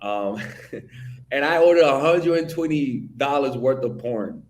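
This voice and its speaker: A male video commentator from the Dominican Republic delivers an opinion monologue in a mid-range, unhurried voice. He's blunt and profane, telling stories animatedly, and the recording is roomy and echoey.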